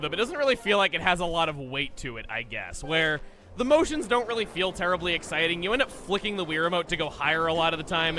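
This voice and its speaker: A young man streaming a game, talking through it in an animated, chatty, self-mocking way, over game music. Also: on the high side. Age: young adult. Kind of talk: gameplay commentary.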